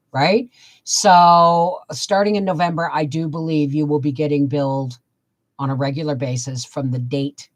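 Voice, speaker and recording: An older woman hosting a casual live stream, chatting and answering viewer comments as she reads them out. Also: deep voice. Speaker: homestead livestream host.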